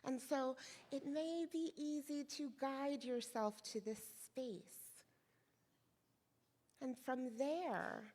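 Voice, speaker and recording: Slow-speaking woman minister in a reverberant hall. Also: fairly high pitch, darkish tone. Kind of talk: slow, gentle sermon. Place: church sanctuary.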